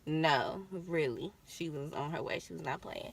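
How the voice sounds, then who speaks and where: A young woman co-hosting a casual chat, telling her labor story in an animated way and acting out her own screams. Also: lowish voice, measured pace, creaky, dry recording. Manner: animated, acts out screams and quotes.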